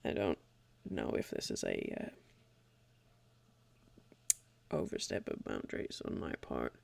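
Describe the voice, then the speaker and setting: A woman voicing a cautious, hesitant male character who speaks in a quiet, halting way. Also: extremely low pitch, sing-song, vocal fry, no echo, recorded from a distance, pitched below the performer's own voice, exaggerated voice.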